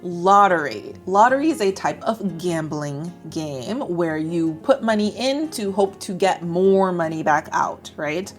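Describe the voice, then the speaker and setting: A woman's voice: fairly low pitch, animated, a little slow, hardly any pauses, a little mellow, faint music behind. A woman with an American accent teaching English to camera in a chatty, upbeat way. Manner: chatty, upbeat, acts out example phrases. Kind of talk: explaining lesson to camera.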